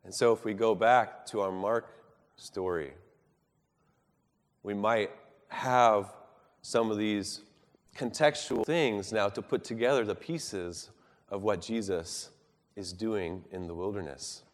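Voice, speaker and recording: A man with a fairly low voice preaches a sermon in a space with big-room sound. He speaks earnestly and at a measured pace, rising for emphasis and softening at the end of each thought.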